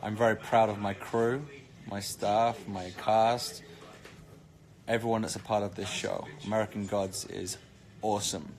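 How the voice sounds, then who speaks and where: A man's voice: lowish voice, little pitch movement, unhurried, darkish tone. A British man chatting casually on a live stream, reading comments with cheeky, joking banter. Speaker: actor streaming live to fans.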